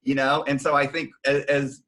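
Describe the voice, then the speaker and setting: A man on a discussion panel, speaking at a middling pitch. He is hesitant and often restarts his sentences while he gives his view. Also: flat delivery, normal speed, fairly bright tone, rough recording. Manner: hesitant, many fillers and restarts. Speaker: panel guest.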